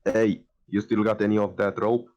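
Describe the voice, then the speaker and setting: A man playing in a tabletop role-playing game, calmly describing what his character does. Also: lowish voice, moderate pace. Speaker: player. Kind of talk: casual tabletop play.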